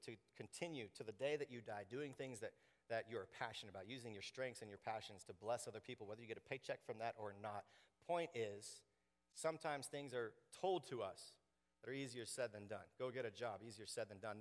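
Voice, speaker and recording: Man, pastor, sermon, animated, jokey, acts out quotes, mid pitch, long church reverb. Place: church sanctuary.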